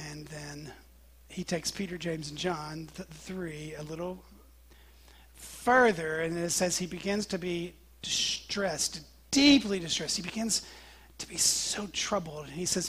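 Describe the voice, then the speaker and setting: A man preaching a sermon, telling a story with animated quoted lines and sudden drops to a whisper. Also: high-pitched, normal speed, breathy edge.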